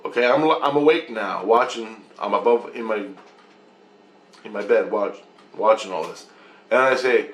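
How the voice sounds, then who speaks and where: A man's voice: lowish voice, moderate pace, long pauses, a bit bright, echoey room, a little hiss or hum. A man telling a rambling, profane story as a casual monologue, recounting events animatedly.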